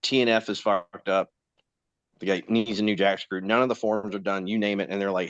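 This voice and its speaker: A man's voice: on the low side, brisk, dry recording. A man on a podcast, casually telling a profane work story and acting out the people in it. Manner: profane, animated storyteller doing quoted voices. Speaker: podcast co-host. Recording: dull lo-fi sound.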